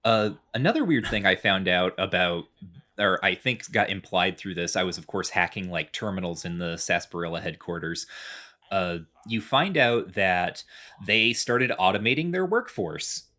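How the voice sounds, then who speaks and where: A man's voice: sits low, animated, moderate pace, bright, forceful tone. A man in casual podcast chat, rambling through a game recap with lots of fillers. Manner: rambling, many fillers, chatty explaining. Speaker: podcast co-host.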